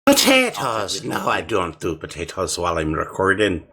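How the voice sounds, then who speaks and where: Husky low-voiced joking man. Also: normal speed, fairly bright tone. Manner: wisecracking, rambling. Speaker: podcast co-host. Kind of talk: casual pre-show chat.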